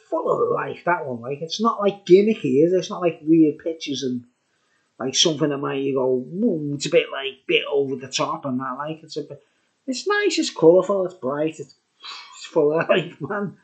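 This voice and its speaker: A man's voice: fairly high pitch, expressive, normal speed. A tipsy man rambling through a casual beer review. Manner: rambling and chatty, full of fillers. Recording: dull lo-fi recording.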